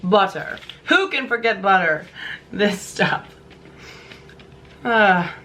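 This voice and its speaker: A woman's voice: mid-range voice, a bit bright, a little hiss or hum. Chatty woman hosting a cooking vlog. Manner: chatty, joking asides to viewers. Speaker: cooking channel host. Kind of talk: casual recipe vlog. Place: home kitchen.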